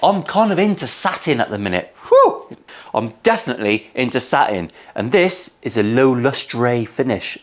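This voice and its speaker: A man's voice: medium pitch, sing-song, normal speed, hardly any pauses. A man with a West Country English accent, hosting a guitar-building vlog from his workshop in a cheeky, jokey way and swearing freely. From England. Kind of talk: casual, sweary workshop banter. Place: home workshop.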